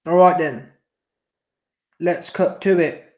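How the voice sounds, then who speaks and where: A man's voice: high-pitched, takes it slowly, darkish tone. A man hosting a casual live stream, reading out viewer messages in slangy, repetitive, laid-back banter. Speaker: boxing commentary channel host. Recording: roomy echo.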